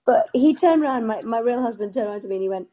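Middle-aged british woman, laughing storyteller, mellow warm tone. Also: on the high side, expressive, very fast. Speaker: actress guest. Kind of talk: casual interview chat.

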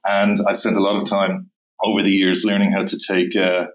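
A middle-aged man with a Dublin Irish accent talks casually as a guest, sitting a bit low in pitch. His voice comes through a dull, lo-fi remote line. He laughs easily and trips over his restarts. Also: completely flat delivery, moderate pace. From Ireland. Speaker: guest, tech executive. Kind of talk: casual interview chat.

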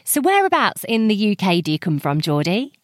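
A woman's voice: medium pitch, sing-song, fairly quick, dry recording, clean studio sound. A woman interviewing a guest, asking friendly, curious questions and laughing along.

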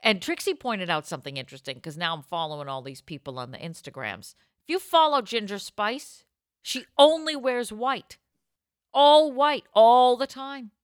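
Animated bright-voiced woman podcast host. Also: lowish voice, moderate pace, no echo. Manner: excitable, goofy storytelling. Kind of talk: casual chat.

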